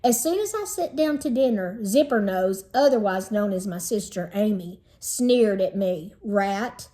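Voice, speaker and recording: A woman teacher reading a children's chapter book aloud in an unhurried storytelling manner, slowing down over lists. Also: mid-range voice, animated, mellow.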